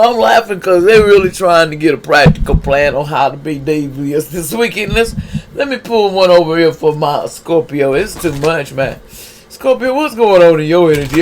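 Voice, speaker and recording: A man's voice: sits high, gravelly, a little hiss or hum. A man giving a casual tarot reading for viewers, talking in a streetwise way and firing off rhetorical questions. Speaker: tarot reader.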